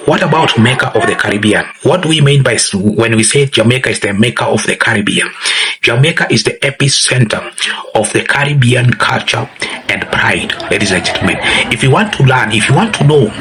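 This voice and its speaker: A man hosting a commentary video, talking emphatically and repeating phrases as he addresses his viewers. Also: mid-range voice. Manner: repeats "ladies and gentlemen", emphatic and preachy. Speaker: commentary channel host. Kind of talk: reaction commentary to camera.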